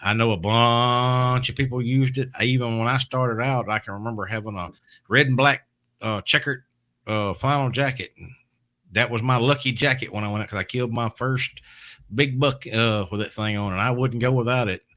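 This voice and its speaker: A man hosting a podcast, telling folksy stories in a halting, drawn-out way. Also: mid-range voice, steady tone, bright, forceful tone. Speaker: podcast host. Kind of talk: casual chat.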